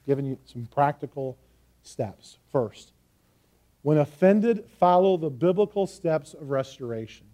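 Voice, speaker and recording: A man preaching in an earnest, emphatic way, his voice sitting high for a man. The tone is mellow and soft-edged. He leans on key phrases, slowing down to drive them home. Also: expressive. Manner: earnest, emphatic teaching with slow stressed phrases. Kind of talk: sermon.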